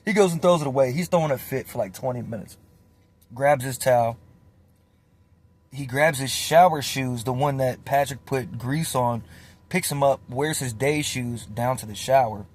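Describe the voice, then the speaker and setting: A young man tells a casual, profane story at normal speed and medium pitch. He's animated and swears, acting out what others said.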